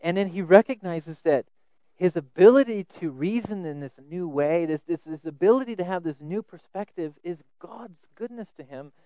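Male preacher, slightly high voice, smooth tone, earnest sermon delivery with repeated words. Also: animated, normal speed, dry recording, low-quality recording. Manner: swings between loud emphasis and soft asides.

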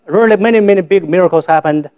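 A man from China, giving a church testimony in halting, simple English, often repeating and restarting words. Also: sits high, a little mellow, smooth, muffled recording. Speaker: guest speaker giving testimony.

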